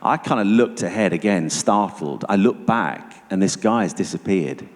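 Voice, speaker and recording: A man giving a personal testimony to an audience as a guest speaker, telling it vividly and going hushed at tense moments. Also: low voice, lively intonation, normal speed. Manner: vivid storytelling, dropping to hushed tones for tension. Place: church hall. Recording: long reverb of a church hall.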